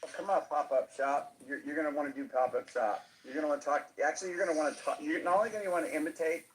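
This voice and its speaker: A man's voice: a little high, rough recording. A man co-hosting a podcast, egging his friends on in casual chat. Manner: rapid, egging others on.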